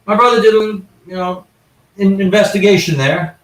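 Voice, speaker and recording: A man's voice: high-pitched, fairly even intonation, moderate pace. A man, a paranormal investigator, telling anecdotes in a casual, rambling way with frequent restarts and asides. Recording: echoey room, far from the mic.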